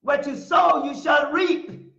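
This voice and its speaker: This middle-aged talk show host preaches slowly in a high, steady, somewhat bright voice, yet her monologue is fiery and declarative, with repeated phrases for emphasis. The room echoes and the recording sounds dull and lo-fi.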